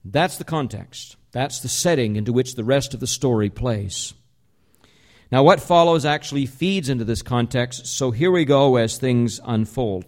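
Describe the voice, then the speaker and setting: A man preaching a sermon in a mid-pitched voice. He explains calmly and conversationally, and he slows to lean on single words for emphasis. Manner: slows down to stress key words. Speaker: pastor.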